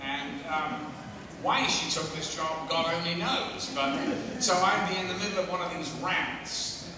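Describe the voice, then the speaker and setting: A man in his sixties, a guest at a convention panel, telling stories to an audience with lively, profane mimicry. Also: a little high, measured pace, background noise. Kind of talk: storytelling Q&A with audience. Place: large convention hall. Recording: echoey hall from far off with loud crowd.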